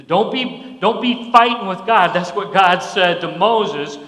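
Guy preaching slow and emphatic, kinda high voice, church hall echo. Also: fairly bright tone. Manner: folksy, emphatic preaching with repetitions. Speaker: pastor. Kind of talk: sermon. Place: church sanctuary. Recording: echoey hall reverb.

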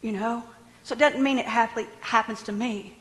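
A woman preaching a sermon in a lively, animated way, joking with her congregation. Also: a little high, brisk, big-room sound, poor audio.

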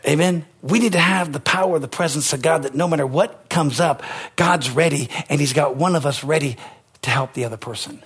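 Husky-voiced preaching man, high and fervent. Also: a little fast. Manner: emphatic preaching with rising, near-shouted peaks. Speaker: pastor. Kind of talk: sermon.

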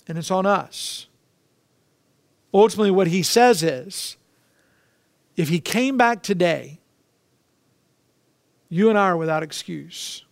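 A man's voice: sits high, no echo, studio quality. A man preaching a sermon, emphatic and repeating key phrases for weight. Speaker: pastor.

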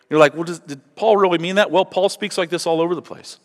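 A man's voice: high voice, quick pace. Male pastor, sermon, earnest, punches key words, long reverb tail from a church hall. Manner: earnest, emphatic on scripture, asks the room "okay?".

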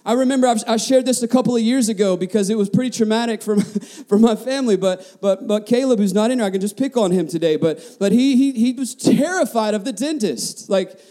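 Male pastor, very high voice, passionate sermon, repeats himself, questions the crowd. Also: brisk, hardly any pauses, mellow.

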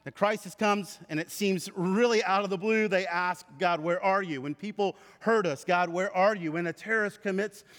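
A man preaching a sermon to his church, with animated storytelling. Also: sits high, normal speed, few pauses. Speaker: pastor. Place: church sanctuary. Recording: reverberant hall.

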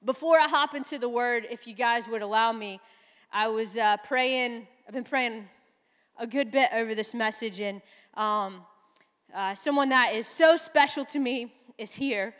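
A naval chaplain delivers a sermon, telling stories with emotion, chatting, and laughing often. Her voice is a little high, fairly bright and smooth, at a measured pace, and the recording has a long hall reverb.

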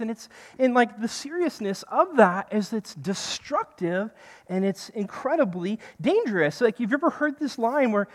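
Animated preacher in a reverberant hall. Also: medium pitch, moderate pace. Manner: animated, often checks in with the listeners. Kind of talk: conversational sermon.

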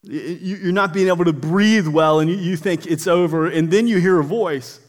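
A man's voice: sits high, moderate pace. A man preaching a sermon in an earnest way, often stumbling and repeating words as he starts a phrase.

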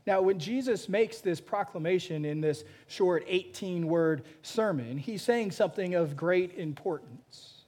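A pastor preaching a sermon, telling a story with frequent restarts and repeated words. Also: male voice, high voice, unhurried, hardly any pauses, darkish tone.

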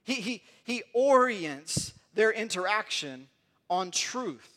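A man's voice: sits high, lively intonation, takes it slowly, sharp tone. A man preaching a sermon in an earnest way, often repeating words as he builds toward a point.

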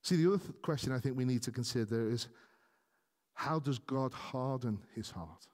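A man's voice: medium pitch, normal speed, darkish tone, long reverb tail. A man preaching a sermon earnestly, speaking directly to his congregation and rising to emphatic peaks.

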